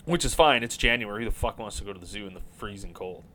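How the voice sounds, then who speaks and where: A man hosting a podcast, talking casually about hockey in an animated, rambling way and swearing now and then. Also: on the low side, fast, a crowd in the background. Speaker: podcast host.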